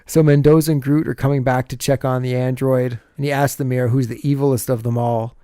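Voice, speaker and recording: Man, podcast co-host, mellow warm tone, dry close sound, chuckling recap. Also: medium pitch, little pitch movement, quick pace, smooth, dry recording. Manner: laughs often while retelling scenes. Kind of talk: casual chat recap.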